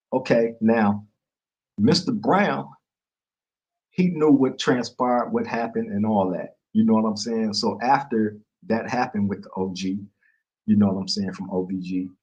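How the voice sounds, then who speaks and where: A man's voice: on the low side, slightly rough, highs cut off. A man hosting a podcast, telling a story to camera in casual street slang and acting out the quotes. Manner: street slang, animated retelling with acted-out quotes. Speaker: podcast host.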